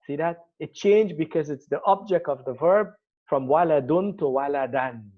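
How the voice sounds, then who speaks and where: A man's voice: fairly high pitch, normal speed, dull audio. A man teaching an Arabic grammar class, explaining step by step and checking the class follows. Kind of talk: classroom lecture.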